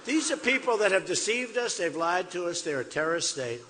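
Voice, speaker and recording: A man's voice: sits high, very animated, brisk, sharp tone, slight background noise. An older man giving an off-the-cuff, repetitive campaign rally speech at a podium in a large hall. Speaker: political candidate. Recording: echoey hall.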